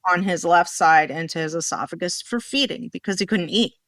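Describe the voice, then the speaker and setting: Bright-voiced animated woman telling a story. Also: on the low side, a little fast, no echo. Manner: animated, rambling, acts out quoted dialogue. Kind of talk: casual storytelling in a podcast conversation.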